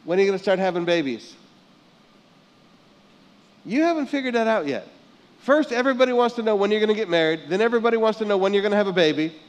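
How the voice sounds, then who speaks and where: High-voiced man preaching a dynamic sermon. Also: animated, fast, pauses often. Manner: dynamic preaching, swinging from hushed to loud; calls out for congregation responses. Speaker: pastor.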